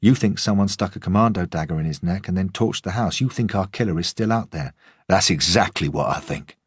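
A man giving voice to a hard-edged senior policewoman with barely held rage, speaking bluntly and dismissively. The voice stays low and grainy, recorded close and dry, as in a crime audiobook. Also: a little fast, slightly rough, no echo. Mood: brusque. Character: tough, angry female detective boss. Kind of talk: audiobook dialogue.

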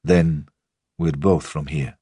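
A male narrator putting on a guarded old groundsman, Russian-tinged West Country accent, low and husky. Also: steady tone, takes it slowly, dark tone, no echo, clean studio sound, exaggerated voice. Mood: curt, guarded. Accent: Russian mixed with West Country English. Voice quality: terse, clipped. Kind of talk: audiobook character voice.

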